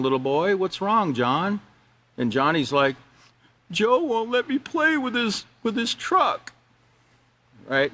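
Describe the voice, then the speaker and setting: A man's voice: medium pitch, bright, forceful tone. A man leading an online teacher training class, talking loosely with restarts and laughing at his own examples.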